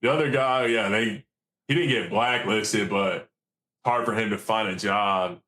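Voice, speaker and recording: Low-voiced man telling a profane story. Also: a little slow, pushed and bright. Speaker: commercial fisherman guest. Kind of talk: casual storytelling.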